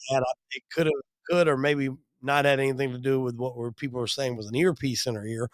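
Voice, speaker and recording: A man's voice: mid-range voice, fairly even intonation, fast, no room sound, clean studio sound. A man hosting a podcast, giving blunt, profane opinions in casual talk. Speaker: host.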